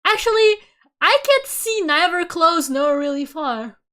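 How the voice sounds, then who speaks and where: Giggly high-voiced woman streamer. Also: a little slow. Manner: giggly, chatty, animated storytelling. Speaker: VTuber streamer. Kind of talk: casual live-stream chat.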